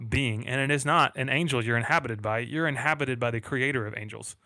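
A man co-hosting a casual Christian conversation, explaining ideas earnestly and reading Bible verses slowly. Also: medium pitch, sharp tone, no echo.

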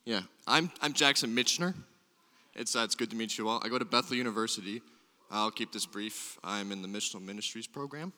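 A man in his twenties, a youth intern, introducing himself to a church congregation in a relaxed, slightly halting way. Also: lowish voice. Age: 20s. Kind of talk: brief self-introduction. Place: church sanctuary. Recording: long hall reverb in a church.

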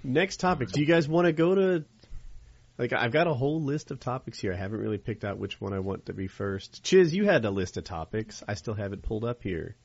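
Animated man with frequent laughs. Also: mid-range voice, fairly quick, dry recording. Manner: laughs often, lively and conversational. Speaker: podcast co-host. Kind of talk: casual chat. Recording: dull lo-fi sound.

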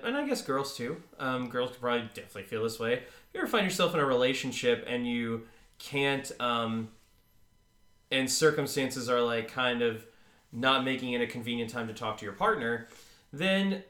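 A man's voice: medium pitch, expressive, moderate pace, a bit bright, echoey room. A man co-hosting a podcast in casual chat, rambling and laughing easily. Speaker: podcast co-host.

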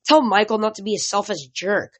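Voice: mid-range voice, brisk, fairly bright tone, pitched above the performer's own voice, close to an everyday voice. Tough, defiant teen warrior girl, voiced by an amateur audiobook reader. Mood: angry. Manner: snapping, defiant.

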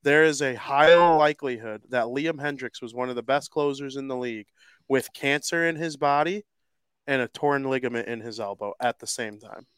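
A man hosting a casual sports podcast, joking and excitable as he talks. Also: mid-range voice, normal speed, clean tone, no echo. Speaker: podcast host.

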